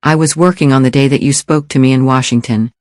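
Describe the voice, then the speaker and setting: A man's voice: medium pitch, steady tone, fast talker, a little mellow, dry recording, clean studio sound, close to an everyday voice. A man voicing a cold, polite male assassin with an English accent, slightly nasal, formal and fearless. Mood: cool. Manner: formal, fearless, says "sir".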